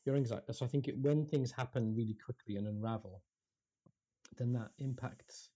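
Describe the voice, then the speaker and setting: A man co-hosts a casual podcast chat over a call, sounding thoughtful and self-questioning, with false starts. His mid-range voice is mellow with a breathy edge, and he speaks at a moderate pace.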